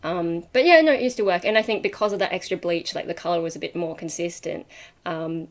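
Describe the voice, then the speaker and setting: A woman's voice: fairly low pitch, fairly quick. A young woman talks straight to her camera in a loose, rambling vlog. She drifts from one tangent to the next, peppering her sentences with ums and likes. She laughs easily as she chats. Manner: chatty, laughs often while talking. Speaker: vlogger. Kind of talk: casual rambling chat to camera.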